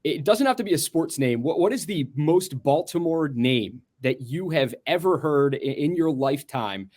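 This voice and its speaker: A man's voice: on the high side, expressive, moderate pace, darkish tone. A man co-hosting an interview show, asking questions in an upbeat, chatty manner. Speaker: co-host. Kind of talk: casual interview.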